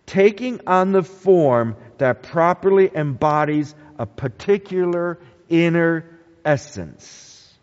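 A man preaching a sermon, animated, asking the congregation questions. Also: fairly high pitch. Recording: echoey hall, dull lo-fi sound.

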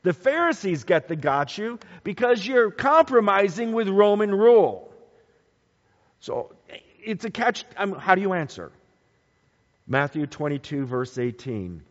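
A man preaching a sermon as a pastor, animated and emphatic, repeating key words for weight. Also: high-pitched, measured pace, long reverb tail, highs cut off.

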